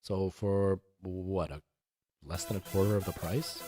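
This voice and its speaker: A man's voice: sits low, fairly quick, warm tone, faint music behind. A man hosting a livestream, chatting casually and explaining audio settings to his chat. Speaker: livestream host.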